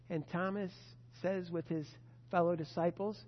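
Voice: mid-range voice, steady tone, moderate pace, dull audio. Preacher telling Bible stories in an echoing hall. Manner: storytelling with rhetorical questions, addresses a disciple directly. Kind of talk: sermon on scripture.

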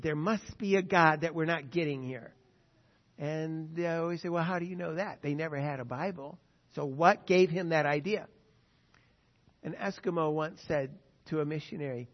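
A man preaching a sermon with an animated, emphatic delivery, often acting out quotes. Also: a little high. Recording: dull lo-fi sound with long reverb.

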